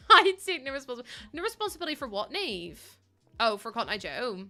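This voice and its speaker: A woman's voice: fairly high pitch, very animated, a little fast, sharp tone. A young woman chatting casually with her live-stream viewers, bubbly and giggly. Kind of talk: casual live-stream chat while playing.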